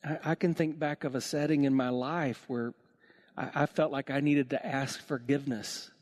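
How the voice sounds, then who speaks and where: A man preaching a sermon to his church, telling stories with lively acted-out voices. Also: normal speed. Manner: animated storytelling, acts out voices with big swings in pitch. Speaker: pastor.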